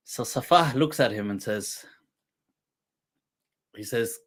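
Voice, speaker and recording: A male host telling a humorous historical anecdote in a relaxed, chatty way, often laughing as he goes. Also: medium pitch, husky. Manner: laughing while retelling a humorous anecdote, quoting poetry; slow, unhurried delivery. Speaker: host and religious teacher. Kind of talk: casual storytelling talk.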